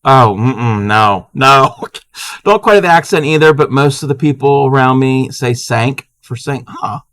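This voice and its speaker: A man's voice: medium pitch, measured pace, a bit bright, no room sound. A man hosting a casual live crafting stream, chatting playfully with viewers and laughing often.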